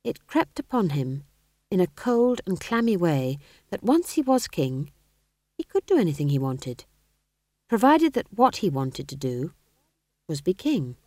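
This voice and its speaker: A woman reading a novel aloud as narrator, with an expressive, wry storytelling manner. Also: on the low side, unhurried, dry recording, studio quality. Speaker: audiobook narrator. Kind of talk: scripted narration.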